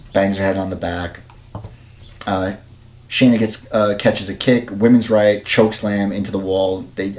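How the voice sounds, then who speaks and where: A man's voice: fairly low pitch, a little mellow. A man casually recapping and reviewing a show as a podcast host, rambling with many fillers and restarts. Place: dim room at home.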